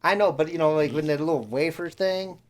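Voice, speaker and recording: A man's voice: a little high, fairly quick. A young man co-hosting a podcast, telling rambling stories in casual chat and acting out the voices of the people he quotes. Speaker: podcast co-host.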